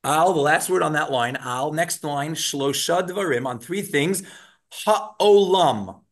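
Animated man teaching a Torah class online. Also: a little high, moderate pace. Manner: animated, acts out shouting scenes in his stories. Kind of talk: online class lecture with storytelling.

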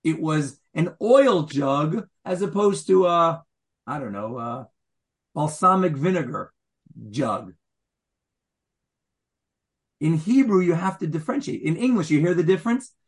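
A man's voice: a little high, animated, unhurried, long pauses. A man teaching a Torah class. He asks his listeners questions and explains Hebrew wording as he goes.

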